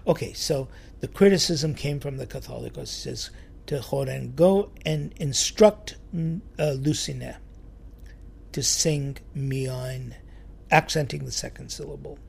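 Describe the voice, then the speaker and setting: A man telling a church story in a sermon, lively and acting out the quoted voices. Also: a little high, moderate pace, gravelly, breathy edge. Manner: animated storyteller, acts out quotes.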